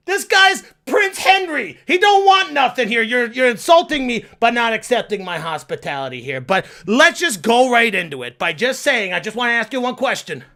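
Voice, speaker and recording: Guy doing a loud foul-mouthed mobster, high and swinging all over the place, bright and brash. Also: full character voice. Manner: blustering, threatening, shouty.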